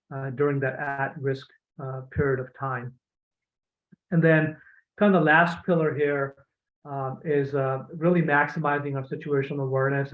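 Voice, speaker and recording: A man giving a presentation as a utility executive, measured and hesitant, with many fillers and restarts, clearing his throat as he loses his voice. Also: mid-range voice. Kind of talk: presentation talk. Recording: phone-like narrow audio.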